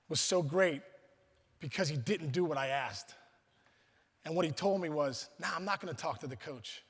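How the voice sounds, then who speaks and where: A middle-aged guest speaker from Pittsburgh, USA tells stories at a luncheon, imitating the voices of those he quotes and often starting sentences over. His voice is fairly high and fairly bright with a breathy edge, echoing in a large, reverberant banquet hall.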